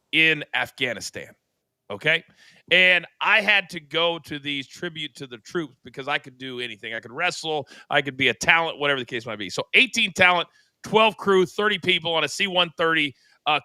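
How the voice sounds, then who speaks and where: A man's voice: a little high, sharp tone, no room sound. An older man, a co-host of a talk show, telling a long story with dramatic flair and acted-out sound effects. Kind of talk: animated storytelling.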